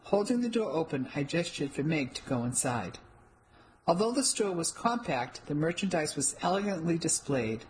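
A woman's voice: sits low, moderate pace, a little hiss or hum, low-quality recording. Woman narrating a cozy mystery. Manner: even, descriptive storytelling. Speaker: audiobook narrator. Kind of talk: first-person novel narration.

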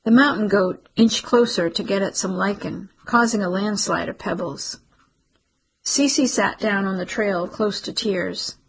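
Woman, audiobook narration, steady and measured, very husky, gravelly. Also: mid-range voice, poor audio. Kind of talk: scripted narration.

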